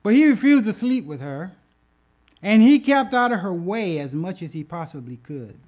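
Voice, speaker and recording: A man preaching a sermon, retelling scripture with animated bursts and asking the congregation "okay?". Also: high voice, moderate pace. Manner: animated, rises loud when acting out scripture; addresses congregation with "okay?" asides. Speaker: pastor.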